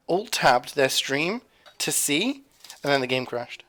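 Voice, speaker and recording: A man's voice: a little high, lively intonation, a little slow, a bit bright. A man streaming from his home kitchen, rambling casually to his chat as he cooks. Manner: rambling, chatty, talking to chat while cooking.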